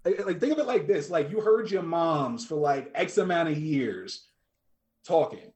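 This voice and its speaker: Easygoing male guest, talkative and relaxed, a bit higher voice. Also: moderate pace. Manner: chatty, easygoing, rambling. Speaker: podcast guest. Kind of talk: casual podcast chat.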